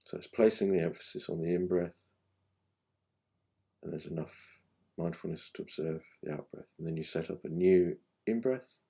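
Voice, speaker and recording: A man leads a guided meditation lesson in a deep, mellow voice. He speaks gently and without hurry, his sentences often sinking to a soft, quiet finish. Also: gravelly, husky. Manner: gentle, unhurried, phrases trailing off softly. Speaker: meditation teacher.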